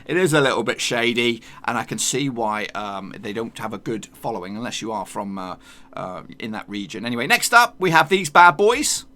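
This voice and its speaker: A man's voice: mid-range voice, very animated, moderate pace, pushed and bright. A man hosting a football channel, talking in a chatty, jokey way with plenty of slang. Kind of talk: casual football vlog.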